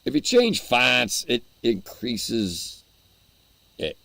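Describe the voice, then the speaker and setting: A man's voice: medium pitch, wildly swooping pitch, drawn-out words, vocal fry, pushed and bright, no room sound. A man hosting a casual livestream, rambling and chuckling as he answers his chat while eating. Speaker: livestream host.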